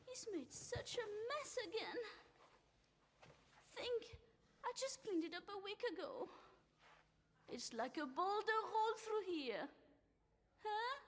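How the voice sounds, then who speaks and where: An actress voicing a chatty, fussy French caretaker in a game trailer, with a lilting French accent. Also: female voice, very high voice, slight background noise, full character voice. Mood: fussing.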